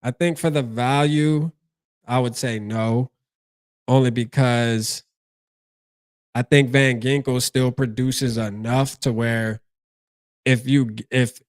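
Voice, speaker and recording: A man's voice: mid-range voice, no echo, studio quality. A man hosting a casual sports fan stream, talking in a laid-back, slangy way. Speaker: sports channel host.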